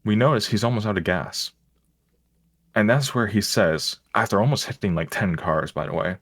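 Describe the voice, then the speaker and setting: A man's voice: lowish voice, moderate pace, a bit bright, dry recording, clean studio sound. A man, a stream guest, telling stories in casual chat, rambling and self-mocking with frequent restarts.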